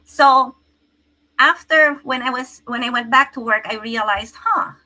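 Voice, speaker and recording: A woman's voice: on the high side, measured pace, sharp tone, low-quality recording. A middle-aged woman, a physical therapist, telling her story earnestly in an interview, with frequent restarts. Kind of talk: conversational interview.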